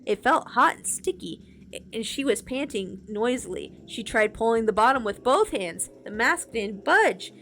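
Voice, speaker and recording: A woman's voice: on the high side, a little slow, a little hiss or hum. Woman reading a spooky kids' story. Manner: expressive reading with small slips and self-corrections. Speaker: streamer reading aloud. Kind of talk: storybook read-aloud.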